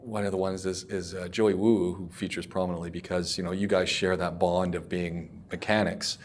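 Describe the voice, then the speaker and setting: A man's voice: low voice, moderate pace, a little hiss or hum. A man hosting a casual podcast, telling stories with lots of laughs and acted-out quotes. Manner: laughs often, animated storytelling with voiced quotes. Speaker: podcast host.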